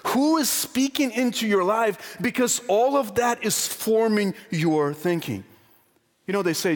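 A man preaching a sermon, earnest and emphatic, slowing down and dropping his voice low when quoting scripture, with frequent rhetorical questions. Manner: slows and drops low for scripture quotes. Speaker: pastor. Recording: long hall reverb.

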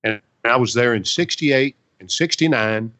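A man's voice: mid-range voice, normal speed, bright, forceful tone. A man in his seventies, a veteran and songwriter, telling stories in a folksy, chatty way during an interview. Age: 70s. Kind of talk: casual storytelling interview.

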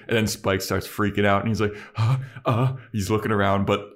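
A man with a lowish voice chatting casually on a podcast. He recaps scenes and slips into quick impressions of the characters. His talk is loose and full of swearing. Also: steady tone. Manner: profane, acts out characters' lines. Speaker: podcast co-host. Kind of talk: casual chat recapping a TV episode.

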